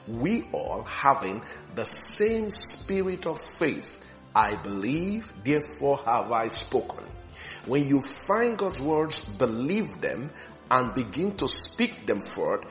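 A male pastor teaching a recorded sermon, reading scripture slowly and repeating key lines for emphasis. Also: medium pitch, fairly bright tone.

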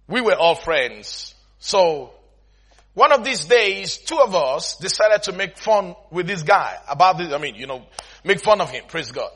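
A man preaching a sermon, telling a story with frequent laughter and emphatic shouts, repeating phrases for emphasis. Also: high voice. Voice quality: laughs often while preaching, breaks into shouts.

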